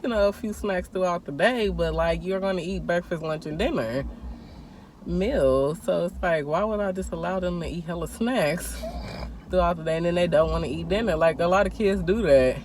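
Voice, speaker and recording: A young woman telling a story in casual chat while eating, animated, acting out quotes and laughing often. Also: on the low side, moderate pace, slight background noise. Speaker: co-host.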